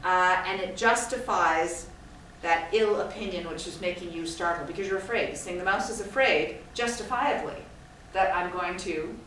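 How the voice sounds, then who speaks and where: A woman's voice: lowish voice, moderate pace, hardly any pauses, a bit bright. Woman talking to a room from far off. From Scotland. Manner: chatty, digressive, self-deprecating. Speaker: guest speaker. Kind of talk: informal talk to an audience. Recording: echoey hall from far off, faint noise.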